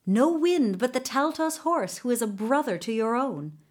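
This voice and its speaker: A woman's voice: on the high side, expressive, moderate pace. A woman voicing a brave, polite young prince in a storybook reading, speaking earnestly. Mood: earnest eager.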